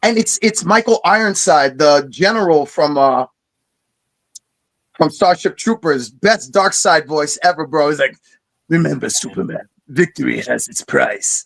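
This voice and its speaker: An excited man telling stories in casual chat, swearing freely as he talks. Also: fairly high pitch, poor audio. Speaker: podcast host.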